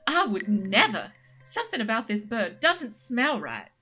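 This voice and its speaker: Prim, doting female dog with a put-on genteel accent, lifted pitch; woman performs. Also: very animated, unhurried, bright, forceful tone, breathy edge, heavily acted. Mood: indignant.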